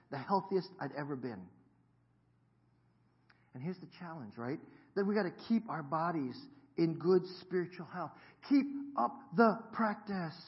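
A man in his fifties, a pastor giving a casual, self-deprecating sermon to his congregation in a church. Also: fairly high pitch. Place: church sanctuary. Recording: dull lo-fi sound.

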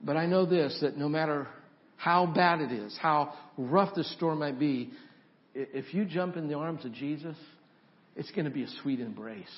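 Man, pastor; storytelling sermon, higher-pitched voice, muffled lo-fi sound. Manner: storytelling, builds up tension then softens to a gentle invitation.

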